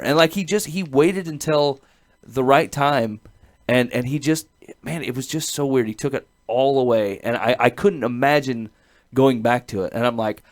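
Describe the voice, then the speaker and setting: Brief: middle-aged male podcast host, earnest rambling storyteller, mid-pitched voice, laughs between phrases. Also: normal speed. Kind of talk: casual chat.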